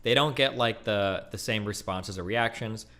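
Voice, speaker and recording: Brief: male streamer, low pitch, bright tone, rambling profane reaction commentary. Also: moderate pace. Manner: rambling, profane, many fillers and restarts.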